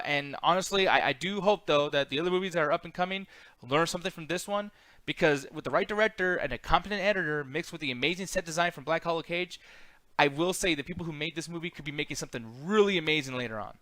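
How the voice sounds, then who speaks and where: Fast-talking, bright-voiced young man ranting. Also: on the high side, no echo. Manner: profane, rambling, animated ranting. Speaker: podcast co-host reviewing movies. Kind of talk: casual chat.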